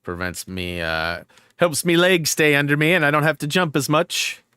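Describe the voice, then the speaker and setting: A man hosting a gaming live stream, chatting casually and telling rambling, animated stories while he plays. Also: a little high, normal speed, smooth, no echo, studio quality. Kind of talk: live-stream gameplay chat.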